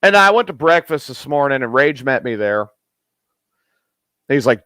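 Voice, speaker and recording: A man hosting a live show, chatting casually in a rambling, raunchy, excitable way. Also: mid-range voice, moderate pace, no room sound. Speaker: host.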